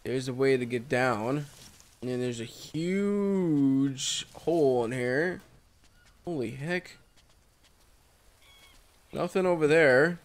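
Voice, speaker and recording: Slow-talking male gameplay commentator. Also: mid-range voice. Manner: casual, exclaims at surprises.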